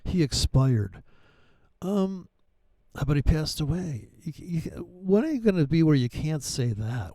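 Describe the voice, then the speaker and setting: A man's voice: on the high side, sing-song, a little slow, mellow, no room sound. A man giving casual trading commentary over his charts, rambling and profane, with sarcastic asides. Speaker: forex trading educator.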